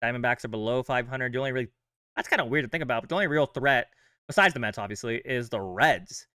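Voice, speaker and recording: A man runs his own fan sports channel, chatting in a casual, upbeat way full of loose fillers. His mid-range voice moves fast, with a sharp yet clear, resonant tone on a dry, studio-quality recording.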